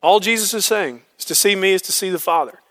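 Man teaching a Bible study, high voice, bright tone, earnest, explanatory. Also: quick pace. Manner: earnest, explanatory, with homespun examples.

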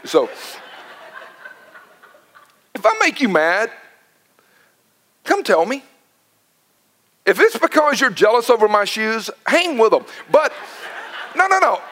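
A middle-aged man preaching a sermon as pastor, telling stories with lively quoted dialogue. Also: high-pitched, slow, long pauses. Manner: animated storytelling with quoted dialogue.

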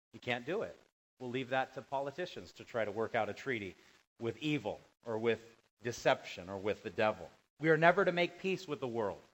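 A man's voice: medium pitch, low-quality recording. A middle-aged male pastor preaching a sermon, his voice climbing and falling for emphasis. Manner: animated preaching, voice rising and dropping for emphasis.

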